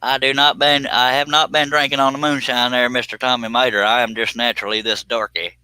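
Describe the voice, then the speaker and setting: A man putting on an exaggerated goofy hillbilly voice with a Southern US accent and a swooping, drawn-out delivery. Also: mid-range voice, level tone, pushed and bright, clear, resonant tone, dry recording, low-quality recording.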